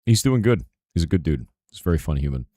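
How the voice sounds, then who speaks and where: A hoarse man streaming live, answering chat in a rambling casual way with lots of "right?" asides. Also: very deep voice, very animated, very fast, mellow, no echo, clean studio sound. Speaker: streamer and game developer.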